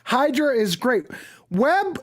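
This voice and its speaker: A man hosting a casual livestream chat over a video call, excitable and teasing, swearing freely as he jokes with his guests. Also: extremely high pitch, takes it slowly. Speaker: show host.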